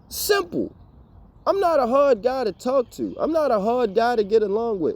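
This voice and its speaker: Young male vlogger, lively exasperated storyteller, mellow timbre, swears freely. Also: very high voice, normal speed. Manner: animated, profane, exasperated storytelling. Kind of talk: casual storytime rant.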